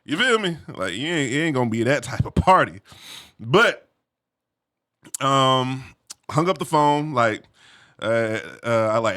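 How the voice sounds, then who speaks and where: A man recounts a story from his own life in a loose, animated way, peppered with street slang and asides to the listener. His voice is bright and forceful, sitting at an ordinary middle pitch for a man. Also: unhurried, pauses often. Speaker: vlogger telling a personal story. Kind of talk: casual storytelling.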